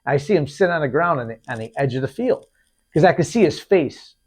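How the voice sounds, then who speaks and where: Guy on a podcast telling a hunting story, gets worked up, acts out the quotes, voice sits a bit high. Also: fairly quick. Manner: animated, acts out quotes, repeats and restarts. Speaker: podcast host. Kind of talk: casual storytelling.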